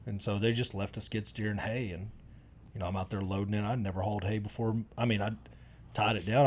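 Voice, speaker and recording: A man's voice: on the low side, steady tone, fast, a little mellow. A middle-aged man, chatting casually and telling rambling, folksy stories with lots of restarts. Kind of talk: casual conversation.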